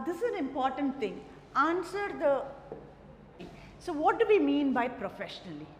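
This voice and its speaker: A woman's voice: high-pitched, a little hiss or hum. A woman trainer giving earnest, step-by-step instructional advice to learners. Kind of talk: instructional talk. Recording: echoey room with long reverb, faint ambience.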